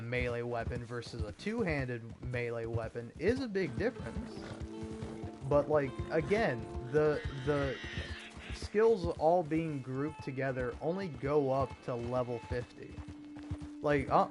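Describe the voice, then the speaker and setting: A man gives loose, casual commentary over gameplay, stumbling through filler words as he thinks aloud. His voice sits at an ordinary middle pitch. Game music plays clearly behind him, with horse hooves clip-clopping. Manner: rambling, hesitant, lots of filler words. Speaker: gaming video host.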